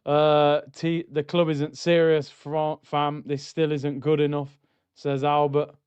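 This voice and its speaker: A man's voice: fairly high pitch, slow pace, smooth, no room sound, muffled recording. A young man streaming a live football watchalong, reacting to the match and reading out chat comments. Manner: excitable, shouts at goals, then grumbles and reads comments.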